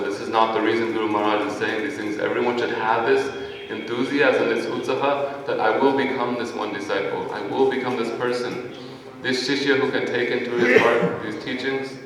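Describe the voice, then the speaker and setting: A man's voice: mid-range voice, fairly even intonation, brisk, fairly bright tone. A man giving an earnest devotional talk, quoting scripture verses in Sanskrit and Bengali. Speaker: devotee giving a spoken offering. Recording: echoey hall, distant mic, faint ambience.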